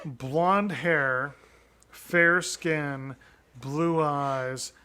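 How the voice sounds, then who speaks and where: A man's voice: a little high, very slow, noisy background. A man co-hosting a podcast in casual chat, rambling with plenty of restarts and fillers. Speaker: podcast co-host.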